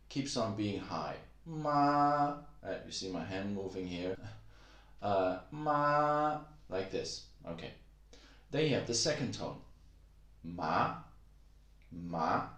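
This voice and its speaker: A man teaching Mandarin tones in a casual video lesson. He explains in a relaxed way with many "uh" fillers, then breaks into high, exaggerated tone demonstrations. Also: reverberant.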